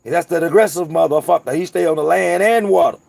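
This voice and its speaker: A man's voice: a little high, fast, vocal fry, darkish tone, no room sound. A man from North Carolina with a Southern accent, chatting casually and profanely to his viewers as host of his channel, rambling through stories. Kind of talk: casual livestream chat.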